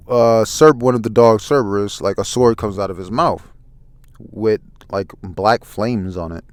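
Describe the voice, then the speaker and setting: A man casually recapping a manga chapter, relaxed with many fillers. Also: fairly low pitch, moderate pace, dry recording. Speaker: manga reviewer.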